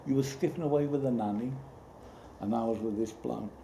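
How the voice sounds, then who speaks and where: A man telling a rambling personal story in a halting way, with restarts and sudden outbursts. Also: medium pitch, gravelly. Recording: roomy echo with loud background noise.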